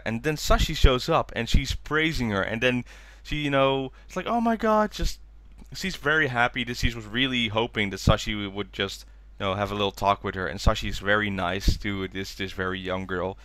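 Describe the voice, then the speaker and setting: A man co-hosting a podcast, chatting casually as he recaps a documentary, acting out quotes in higher voices. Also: steady tone, brisk, hardly any pauses, sharp tone, clear, resonant tone, no room sound. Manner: enthusiastic, acts out quotes in high voices. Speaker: podcast co-host.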